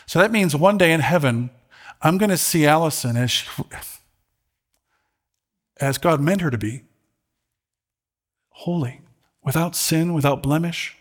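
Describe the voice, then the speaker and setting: A middle-aged man with a somewhat high voice delivers a sermon. He talks earnestly, often repeating words as he searches for them, and sounds close to tears. When he reads scripture his voice climbs and swells. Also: measured pace, pauses often. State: holding back tears. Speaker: pastor.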